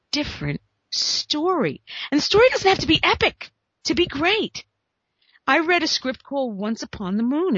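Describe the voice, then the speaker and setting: A woman giving screenwriting advice to viewers, animated and emphatic, asking herself rhetorical questions. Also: medium pitch, dry recording. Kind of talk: energetic advice monologue to viewers. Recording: dull, dry, lo-fi recording.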